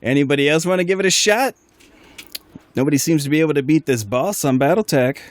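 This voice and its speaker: A man's voice: on the high side, fast, pitched above the performer's own voice, lightly acted. A man voicing a boastful male game champion who taunts the crowd in a tabletop role-play. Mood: taunting. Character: cocky male arcade champion taunting challengers.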